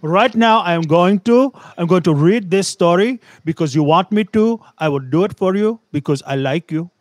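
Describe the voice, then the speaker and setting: A man with a high-sitting voice puts on an Indian accent, lightly acting the part of a pushy, wheedling man. He speaks at a moderate pace with no room sound, coaxing repetitively in short, clipped, broken sentences.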